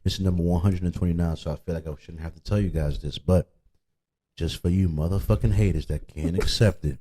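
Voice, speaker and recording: A man's voice: deep voice, steady tone, fairly quick, dark tone, breathy edge, rough recording. A man with a Detroit accent hosting a podcast, talking casually and animatedly, swearing freely and repeating "you know what I mean.". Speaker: podcast host.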